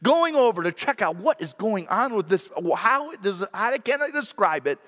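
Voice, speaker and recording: A man's voice: high-pitched, big pitch swings, normal speed, pushed and bright, long reverb tail. A man preaching a sermon in an earnest, reflective way, sometimes correcting himself mid-sentence.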